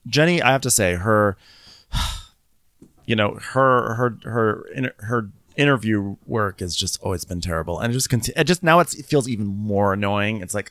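A podcast co-host who recaps a show in casual chat, animated and quick to mimic other people. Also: mid-range voice, no echo.

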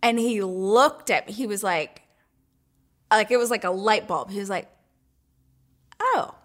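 A woman's voice: mid-range voice, a little hiss or hum. Chatty woman host telling a story. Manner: chatty storytelling, quick asides, laughs. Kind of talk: casual chat.

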